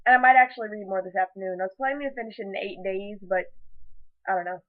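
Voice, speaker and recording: A woman's voice: mid-range voice, fast. A young woman in her late teens talking to camera at home in a casual vlog, emotional and rambling, full of fillers and restarts. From United States. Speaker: vlogger. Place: at home, indoors. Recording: tinny phone-like audio.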